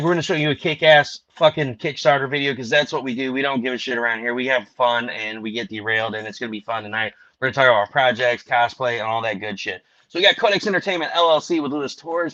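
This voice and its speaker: A man hosting a casual show, reading a sponsor list in a loud, rowdy, rambling, profane way. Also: mid-range voice, dry recording, muffled recording. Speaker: podcast host reading sponsors. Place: Missouri.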